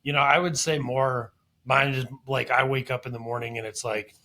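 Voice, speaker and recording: A man's voice: mid-range voice, steady tone, normal speed, bright, forceful tone. A man hosting a podcast interview, chatting casually and enthusiastically, tying what he hears back to his own daily life. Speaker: podcast host.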